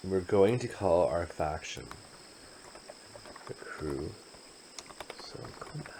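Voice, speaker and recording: A man's voice: low-pitched, lively intonation, takes it slowly, dark tone, a little hiss or hum, rough recording. A man narrating and commenting on his own gameplay in a playful, chatty way with jokey asides. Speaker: game commentator.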